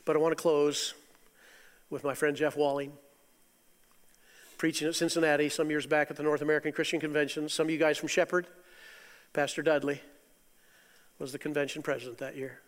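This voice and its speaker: Middle-aged male preacher, high-voiced, animated, loud bursts and soft asides, long hall reverb. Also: a little fast, long pauses. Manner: animated, swings from loud exclamations to quiet asides, chuckles. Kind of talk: sermon.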